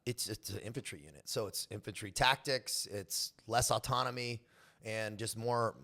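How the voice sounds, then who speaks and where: A man's voice: fairly low pitch, normal speed, gravelly, bright, forceful tone. A young man with a Californian accent, telling his stories as a podcast guest in a loose, slangy way, laughing often. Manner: laid-back slangy talk, lots of bro and dude, laughs often. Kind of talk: casual storytelling interview.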